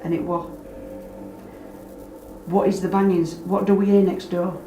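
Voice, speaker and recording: A woman's voice: lowish voice, unhurried, soft background music. A woman telling stories casually and animatedly about strange happenings in a house, acting out what people said. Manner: animated, acts out quoted voices, dialect grammar. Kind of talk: casual storytelling. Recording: roomy, distant mic, background noise.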